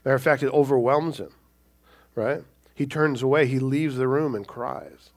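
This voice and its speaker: A man's voice: mid-range voice, normal speed. A male pastor preaching a sermon in a conversational way, often checking in with the listeners. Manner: conversational, keeps asking "right?".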